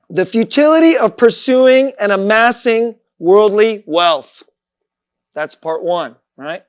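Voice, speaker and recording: A middle-aged man, a pastor, preaching a sermon in a conversational, self-deprecating way, chuckling often. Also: sits high.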